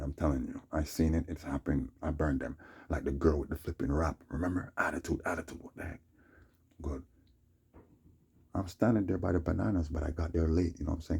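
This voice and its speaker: A man's voice: rumbling low, creaky, dark tone, breathy edge. A man telling a long personal story in a meandering, casual way, often adding "you know what I'm saying" and "man". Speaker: vlogger.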